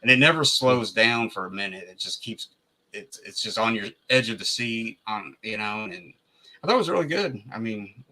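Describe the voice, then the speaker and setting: A man's voice: on the low side, lively intonation, moderate pace, sharp tone, poor audio. A man from Kentucky in casual podcast chat about movies, rambling with fillers and restarts.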